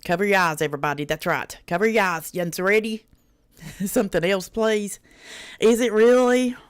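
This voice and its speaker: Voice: mid-range voice, moderate pace, clear, resonant tone. A host chatting on a reaction livestream, greeting viewers by name and swearing in a folksy, drawling way. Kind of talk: casual reaction livestream chat.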